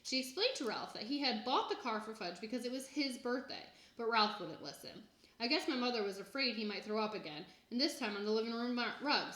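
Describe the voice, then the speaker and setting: A woman reading a children's book aloud in an even, plain storytelling manner. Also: a little high. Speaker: reader. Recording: echoey room.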